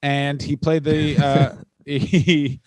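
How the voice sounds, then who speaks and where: A man's voice: fairly high pitch, level tone, drawn-out words, a little mellow, no room sound. A Canadian man co-hosting a podcast, telling rambling jokey stories and acting out silly bits. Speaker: podcast co-host. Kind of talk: casual comedic chat.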